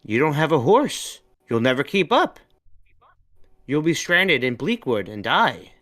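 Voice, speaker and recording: A man reading as a stern, gruff warrior. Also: a little high, very animated, unhurried, fairly bright tone, pitched above the performer's own voice.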